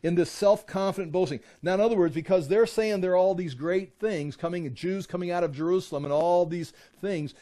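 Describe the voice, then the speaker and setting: A man leads a Bible study, reading verses and then explaining them in a relaxed conversational way. His voice sits a bit high for a man, and he often breaks off and restarts his sentences as he goes. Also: brisk, few pauses.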